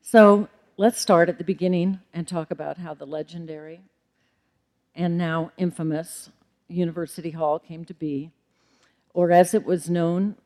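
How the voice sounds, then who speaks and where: Measured middle-aged woman lecturing. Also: sits low, darkish tone. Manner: measured, with occasional ums and self-corrections. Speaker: librarian giving a public lecture. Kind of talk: formal lecture.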